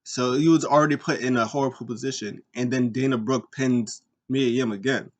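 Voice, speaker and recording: Man, podcast host, casual chat, rambling, filler-heavy, mid pitch. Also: fairly quick. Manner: rambling, animated retellings with frequent fillers and restarts. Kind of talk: casual wrestling recap.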